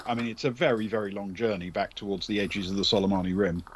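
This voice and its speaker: A man with a fairly low voice runs a tabletop role-playing game. He answers rules questions in a measured, matter-of-fact way. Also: fairly even intonation, a little hiss or hum, poor audio. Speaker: game master.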